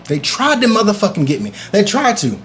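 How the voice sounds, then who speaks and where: Animated young man with a higher voice. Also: fairly quick, slight background noise. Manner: animated, swearing, acts out his own reactions. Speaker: vlogger reviewing a TV series. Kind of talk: casual reaction vlog.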